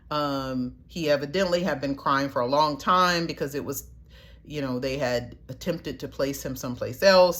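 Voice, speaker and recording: A woman's voice: sits low, fairly bright tone. A middle-aged woman, telling foster parenting stories in a casual way to her viewers, laughing often and acting out what people said. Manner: chatty, laughs often, acts out quotes.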